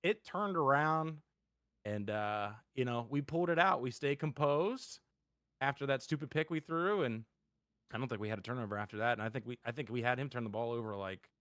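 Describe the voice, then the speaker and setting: A man's voice: mid-range voice, fairly quick, fairly bright tone, no room sound, clean studio sound. A man giving a casual post-game interview over voice chat, rambling and upbeat with lots of fillers.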